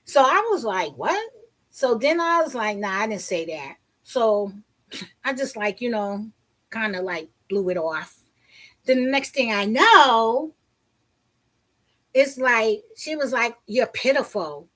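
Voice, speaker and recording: A woman vlogger telling a personal story in a casual, blunt, animated way, with some profanity. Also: on the high side, slow.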